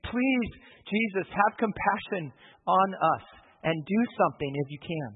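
A man's voice: medium pitch, slightly rough. A man preaching a sermon, conversational and checking in with his listeners. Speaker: pastor. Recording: phone-like, long reverb hall.

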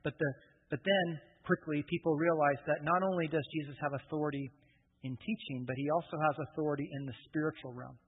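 Husky-voiced male pastor preaching conversationally. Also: on the high side, fairly even intonation, fast. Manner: conversational, explains scripture with asides and humor. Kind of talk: sermon. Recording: tinny phone-like sound with long reverb.

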